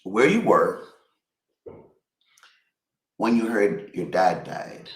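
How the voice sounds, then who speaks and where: A man hosting an interview, who talks in an emphatic, animated way. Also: low voice, drawn-out words, roomy sound, poor audio. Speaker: host. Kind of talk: conversational interview.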